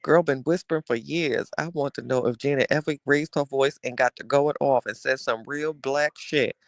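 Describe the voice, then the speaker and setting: A man's voice: medium pitch, steady tone, vocal fry, no echo, clean studio sound. A man hosting a casual gossip podcast, talking in a sassy, dramatic way and addressing his listeners directly. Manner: sassy, dramatic, drawn-out storytelling. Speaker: podcast host reading live chat.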